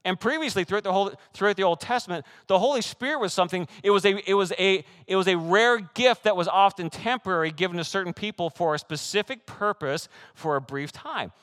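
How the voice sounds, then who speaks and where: Man, pastor, sermon, slightly high voice, animated, excitable, soft laughs. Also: fairly quick, hardly any pauses.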